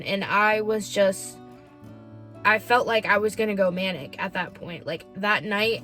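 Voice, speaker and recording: A young woman speaks straight to her viewers in a confessional vlog, open and emotional. Her pitch sits in the middle, and she fills her sentences with "like". Faint music plays underneath. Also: sharp tone. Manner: emotional, candid, heavy use of "like". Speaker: podcast host.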